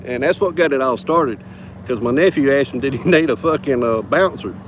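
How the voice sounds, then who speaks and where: A man's voice: mid-range voice, brisk, a little hiss or hum. A man telling a bar story casually, drawling, swearing freely and chuckling between lines.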